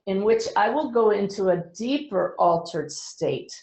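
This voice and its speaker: A middle-aged woman who is a medium, speaking earnestly to a webinar audience with gentle humor. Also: medium pitch, expressive, a little slow, echoey room, rough recording.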